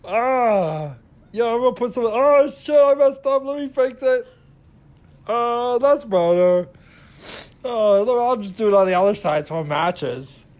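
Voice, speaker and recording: A man's voice: extremely high pitch, expressive, unhurried, a little mellow. A man voicing a goofy, boastful woman beauty vlogger in a comic makeup-tutorial voice-over, with gasping exclamations and mild swearing. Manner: humming filler syllables while working. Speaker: husband narrating his wife's makeup tutorial.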